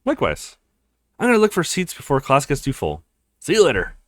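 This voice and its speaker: A courteous young woman student from a visual novel who apologizes readily, as a man voices her. The lines move in wide pitch swings and are recorded dry and close. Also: wildly swooping pitch, a little fast, dry recording. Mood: apologetic. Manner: polite and apologetic.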